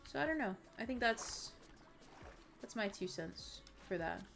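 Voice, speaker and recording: A woman's voice: medium pitch, animated, unhurried, gravelly, over music. A woman streaming a game, talking in a rambling, earnest way with many fillers and restarts. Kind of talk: casual stream chat.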